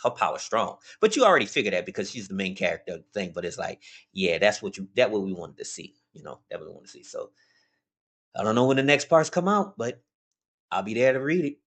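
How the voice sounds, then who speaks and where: A man's voice: fairly low pitch, fast. Man casually recapping a comic. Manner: rambling, animated retelling with many restarts; informal, addresses viewers as y'all. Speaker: comic book reviewer.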